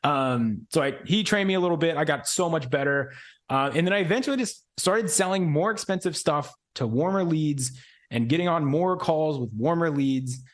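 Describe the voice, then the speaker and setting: A man's voice: on the high side, moderate pace. A man in his twenties, a podcast guest telling a story in loose, slangy casual chat full of "like" and "bro". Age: 20s.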